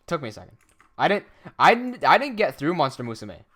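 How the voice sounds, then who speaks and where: A man's voice: fairly high pitch, sing-song, a little fast, bright, forceful tone. A young man animator chatting casually on a livestream; he reads the chat aloud, laughs often and swears a lot. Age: young adult.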